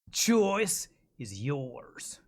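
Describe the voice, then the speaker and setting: A man voicing a grim male trailer narrator for a survival video game, with a deep, gritty Texas drawl and slow, drawn-out dramatic delivery. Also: sing-song, heavily acted.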